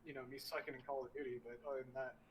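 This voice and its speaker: A man talking casually about his streaming, relaxed and self-deprecating. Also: mid-range voice, racing, muffled recording, a crowd in the background. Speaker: streamer guest. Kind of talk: casual chat. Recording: distant mic with background noise.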